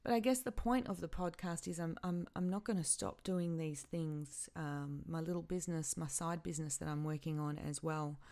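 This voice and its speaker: Grieving woman with a low voice. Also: mellow. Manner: halting, emotional, repeats herself. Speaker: podcast host. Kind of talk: personal podcast monologue.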